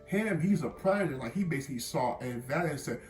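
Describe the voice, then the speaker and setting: A man's voice: a little high, lively intonation, fast talker, a little mellow. A young man casually telling a personal story in a vlog, rambling and repeating himself as he goes. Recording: roomy room with faint music.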